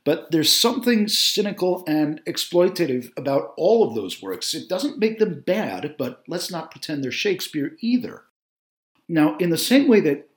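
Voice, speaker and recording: A man giving a spoken video essay on film, opinionated and talkative, with frequent fillers and self-corrections. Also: on the high side.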